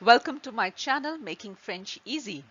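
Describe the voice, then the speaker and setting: A woman teaches a slow online French lesson, explaining patiently step by step with examples. Her voice is a little high, animated and fairly bright, with a breathy edge and moderate pace. The recording is slightly dull and lo-fi.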